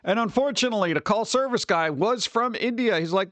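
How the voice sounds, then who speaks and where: A man's voice: high voice, brisk, a bit bright, no echo. A man in his forties, hosting a stream in casual chat, ranting and swearing lightly about everyday annoyances. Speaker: streamer host.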